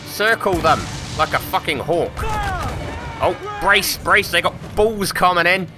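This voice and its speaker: Man, young, rowdy, swearing, fairly high voice, loud game music behind. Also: a little slow. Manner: rowdy, swearing, shouting pirate orders at his crew. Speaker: gameplay commentator. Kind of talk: excited gameplay commentary.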